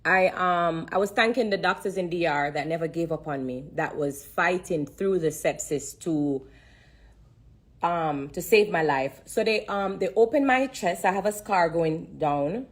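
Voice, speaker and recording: A livestreamer talks into her phone on a social-media live, giving a heartfelt, emotional testimony. She repeats herself and holds back tears, her lowish voice moving a little slowly.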